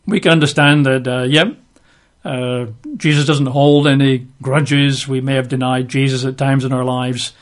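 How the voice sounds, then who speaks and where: Chatty teacher. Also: male voice, medium pitch, flat delivery, normal speed. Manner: chatty, wry asides between scripture readings. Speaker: Bible teacher. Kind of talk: conversational sermon.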